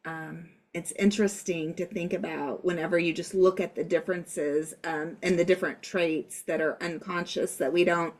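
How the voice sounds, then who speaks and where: A woman co-hosting a podcast, explaining calmly in casual talk with occasional fillers. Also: on the low side, normal speed, few pauses. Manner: calm, explanatory, hesitant fillers. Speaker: podcast co-host.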